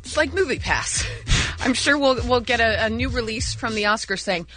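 A woman's voice: a little high, soft background music. A woman co-hosting a radio show, chatting casually and laughing easily. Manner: chatty, animated, quick to laugh.

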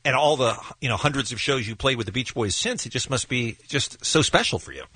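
A man's voice: mid-range voice, lively intonation, fairly quick, sharp tone, breathy edge, no room sound. A middle-aged man hosting a radio interview, chatting with enthusiasm. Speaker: radio host. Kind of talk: casual interview chat.

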